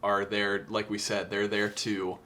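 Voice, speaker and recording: Homme grave et sérieux, ému. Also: male voice, fairly low pitch, little pitch movement, measured pace, pushed and bright. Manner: earnest, emotional, quotes lyrics. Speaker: podcast co-host. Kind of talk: casual music discussion.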